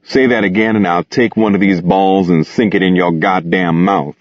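A man reading a novel aloud, voicing an angry, hot-tempered young man who curses in a flat, menacing tone. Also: low-pitched, moderate pace, dry recording, highs cut off, natural voice.

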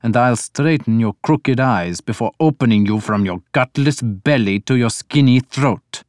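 A man voicing a bold, loud Danish warlord who talks bluntly, teasing and threatening in turn. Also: mid-range voice, unhurried, dry recording, studio quality, close to an everyday voice. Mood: gruff teasing.

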